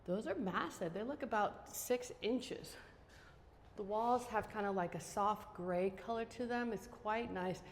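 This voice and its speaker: A woman's voice: medium pitch, unhurried, in a large hall, slight background noise. A woman real estate agent giving a casual walking tour of a house, chatty and enthusiastic as she points out features. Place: outdoors then inside a large house.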